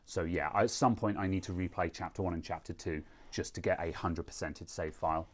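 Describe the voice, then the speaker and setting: A man's voice: deep voice, fairly even intonation, brisk. A British man hosting a live stream, chatting casually in a rambling, self-mocking way. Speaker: streamer host.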